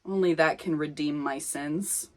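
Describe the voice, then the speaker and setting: Casting: young woman, lowish voice, dry self-mocking vlogger reading old fan fiction aloud. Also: measured pace. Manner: sarcastic, self-mocking asides between read passages. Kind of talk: comedic reading with commentary.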